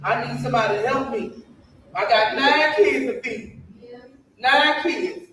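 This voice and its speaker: A woman's voice: fairly high pitch, a little slow, a bit bright, slight background noise. A woman comedian playing a weary older single mother who complains over and over about her food stamps. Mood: fed up. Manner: exasperated, repetitive complaining. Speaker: comedian in a sketch. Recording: echoey, distant clip with faint ambience.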